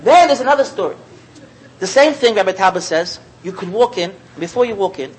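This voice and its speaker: Animated man telling stories in a sermon. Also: high-pitched, brisk, a little hiss or hum, low-quality recording. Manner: animated storyteller who acts out voices; chuckles often, repeats phrases. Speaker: Torah teacher.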